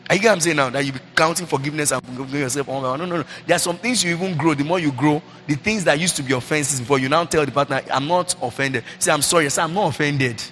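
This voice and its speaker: A middle-aged man, a pastor, preaching a sermon into a handheld mic, repeating himself and breaking into lively asides. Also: on the high side, rapid-fire, hardly any pauses, slight background noise. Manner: preaching, repetitive, animated asides. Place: church hall. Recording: reverberant hall with faint ambience.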